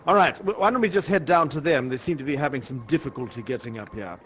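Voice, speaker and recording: A man's voice: mid-range voice, lively intonation, quick pace, fairly bright tone, slight background noise, close to an everyday voice. An actor playing a genteel, chatty male professor who guides visitors in a live virtual-reality performance, courtly and polite and chuckling often. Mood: genial. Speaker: live actor guiding players.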